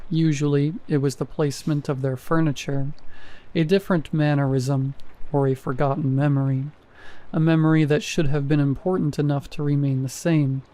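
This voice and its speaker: A man reads a first-person horror story at a steady, measured pace. His voice is mellow and warm, pitched a little high for a man. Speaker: narrator.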